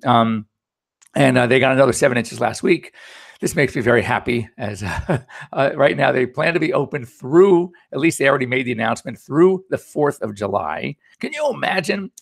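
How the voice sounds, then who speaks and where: Gravelly chatty male vet host. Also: medium pitch, animated, normal speed. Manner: chatty, anecdotal, upbeat. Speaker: veterinarian radio host. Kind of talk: casual chat.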